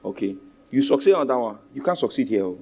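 Gravelly and slightly rough, this male pastor talks fast in a Nigerian accent as he preaches. He's commanding and full of energy, trading loud exhortations for quiet asides and calling out to a congregation that responds.

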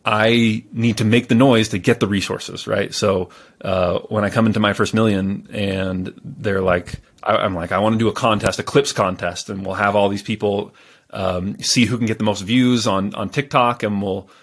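A man speaking as a guest on a podcast, telling stories in a calm, measured way with frequent fillers and restarts. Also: on the low side. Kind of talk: casual interview storytelling.

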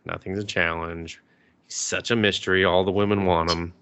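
A man's voice: deep voice, level tone, normal speed, fairly bright tone, clean tone. A man co-hosting a podcast, chatting casually and rambling with lots of fillers and sarcastic asides. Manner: rambling, full of likes and ums, sarcastic asides. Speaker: podcast co-host. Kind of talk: casual anime review chat.

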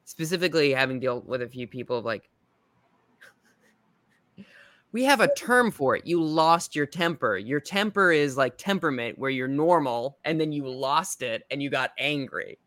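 A man with a New York accent hosting a casual podcast chat, acting out quotes in a lively way. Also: medium pitch, unhurried, dry recording.

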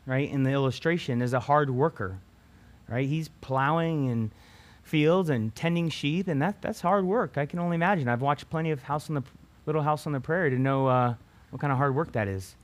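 A man's voice: a little high, a little fast. A man teaching a Bible passage to students in a casual sermon, often tagging his sentences with "right?" and restarting phrases. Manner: keeps adding "right?" tag questions; conversational, with restarts.

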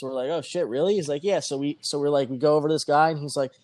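A man's voice: on the high side, racing, hardly any pauses, dry recording. A man telling a long anecdote in a casual podcast chat, swearing freely and acting out what other people said. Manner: profane, animated, acts out quoted voices.

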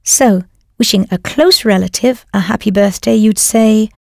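A woman narrates a scripted audio language lesson as a teacher, patiently prompting the learner and confirming each answer. Her mid-range voice is a little slow, with vocal fry and a darkish tone, recorded dry with clean studio sound.

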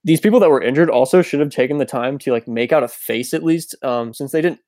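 A young man co-hosting a casual podcast, joking in a deadpan, sarcastic way. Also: medium pitch, fast talker, no room sound. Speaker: podcast co-host. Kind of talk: casual chat.

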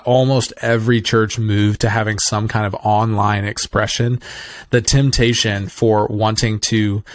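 Chatty low-voiced man hosting a podcast. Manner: chatty, rambling, self-correcting. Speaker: podcast host. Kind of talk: casual podcast conversation.

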